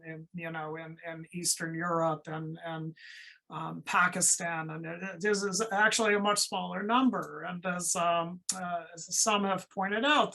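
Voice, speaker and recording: A woman's voice: mid-range voice, a bit bright, low-quality recording. Discursive woman moderating a webinar. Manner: thoughtful, discursive, with fillers. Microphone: video call.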